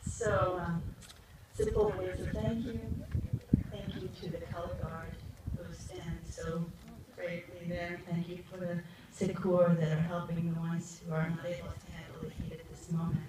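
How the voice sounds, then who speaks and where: A middle-aged woman addresses an outdoor cemetery ceremony with earnest, heartfelt warmth, her voice sitting fairly low. It booms through a public address system that echoes heavily and reaches the recorder from far off. Steady background noise runs underneath. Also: moderate pace. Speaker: ceremony speaker. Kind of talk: public memorial speech.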